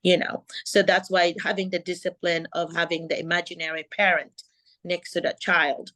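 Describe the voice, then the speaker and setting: A middle-aged woman, coaching teachers on a video call and acting out a calm classroom voice. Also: fairly low pitch, moderate pace. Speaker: host and teacher mentor.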